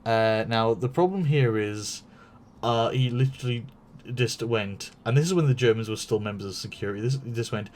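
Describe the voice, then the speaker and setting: A man's voice: mid-range voice, normal speed, a little mellow, slight background noise. A man streaming, telling a long story casually with many fillers, restarts and swearing.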